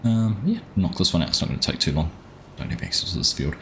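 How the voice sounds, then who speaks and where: Male streamer host, deep voice, easygoing chatter, greets viewers by name. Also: expressive, fast talker, sharp tone, slight background noise. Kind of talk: casual live-stream commentary.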